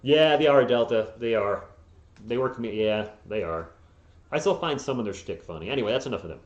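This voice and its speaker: This man's medium-pitched voice is expressive and brisk as he hosts a live fan stream, calling the play-by-play and casually chatting with viewers between plays, often with a chuckle. The home stream audio sounds roomy and a little dull.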